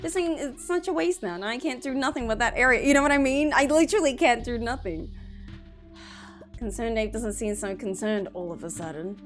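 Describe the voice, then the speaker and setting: A woman's voice: a little high, fairly quick, faint music behind. A woman streamer giving rambling, exasperated, jokey gameplay commentary.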